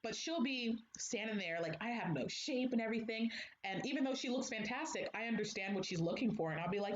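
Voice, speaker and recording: A woman's voice: mid-range voice, brisk, a crowd in the background. A young woman hosting a livestream from home, chatting to viewers in a blunt, candid way and laughing often. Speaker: livestream host. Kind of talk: casual chat to viewers. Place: home, room with echo. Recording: echoey room, dull lo-fi sound, faint hiss.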